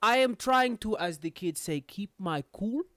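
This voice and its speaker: Someone playing a formal, halting wizard. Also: mid-range voice, expressive, fairly bright tone, no echo, clean studio sound. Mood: strained. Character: formal, strained older male wizard.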